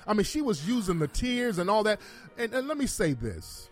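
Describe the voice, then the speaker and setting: A man's voice: high voice, very animated, moderate pace, no echo, studio quality, soft background music. A man giving a blunt, heated, profanity-laced reaction commentary as a vlogger.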